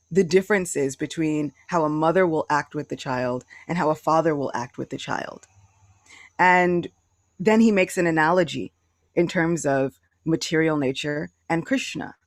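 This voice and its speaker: A woman gives a devotional talk on a video call, and a gravelly fry runs under her voice. She tells stories along the way and acts out what people say. The sound is dry and close, with no room around it. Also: deep voice, no echo. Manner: storytelling, with acted-out quotes. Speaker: devotional class teacher.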